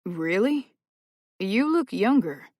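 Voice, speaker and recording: A woman's voice: mid-range voice, big pitch swings, slow, a little mellow, no room sound, clean studio sound. Woman doing a hesitant polite man. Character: hesitant polite adult man, new guest.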